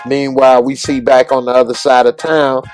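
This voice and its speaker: A man's voice: medium pitch, level tone, moderate pace, a little mellow, soft background music, low-quality recording. A man hosting a casual episode recap, retelling scenes in loose, slangy talk. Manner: loose, slangy retelling that acts out characters' lines. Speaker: TV show recap reviewer.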